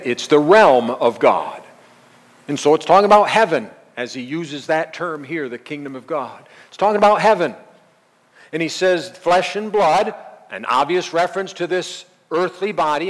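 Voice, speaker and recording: A man's voice: fairly high pitch, long reverb tail. A man preaching a verse-by-verse sermon, teaching earnestly and emphatically, repeating key phrases. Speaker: pastor.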